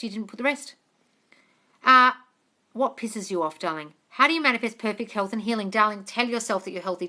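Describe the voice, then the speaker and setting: A woman's voice: a little high, pushed and bright. An Australian woman answering questions on a live stream as a manifestation coach, chatty and casually swearing, calling her listeners darling.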